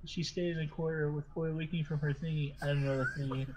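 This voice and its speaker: A man's voice: fairly high pitch, steady tone, fast talker, very noisy. A man hosting a podcast, reading silly stories aloud to friends and often breaking into laughter as he stumbles through them. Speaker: podcast host.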